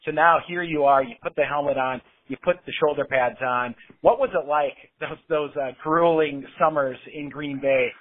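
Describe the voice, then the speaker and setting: A man's voice: a little high, fairly even intonation, moderate pace, hardly any pauses. A male host asking long, eager questions with many fillers. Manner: enthusiastic, wordy, many fillers. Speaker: podcast host. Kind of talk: interview questions. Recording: tinny phone line.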